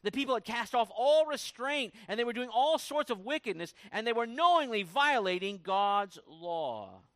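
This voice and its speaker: Male pastor, higher voice, highly animated sermon delivery, loud peaks and murmured asides, dry close mic. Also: moderate pace, dry recording. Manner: dynamic preaching, swinging from loud emphasis to hushed asides.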